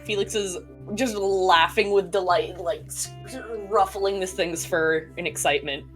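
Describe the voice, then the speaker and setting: A woman's voice: fairly low pitch, fairly even intonation, unhurried, soft background music. A woman playing in a tabletop game, talking casually in a giggly, playful way. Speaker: player.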